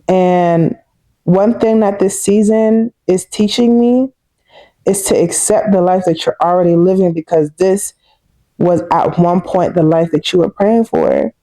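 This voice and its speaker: A woman in her thirties talking casually and warmly to her viewers in a personal vlog, chatty and heartfelt. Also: on the low side, measured pace, no room sound. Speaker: vlogger.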